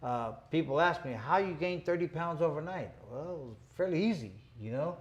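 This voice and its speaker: A man's voice: a little high, animated, a little fast, muffled recording. A man in his fifties hosting a boxing show, telling stories in a casual, rambling, tough-talking way full of "you know" asides. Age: 50s. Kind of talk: casual storytelling chat.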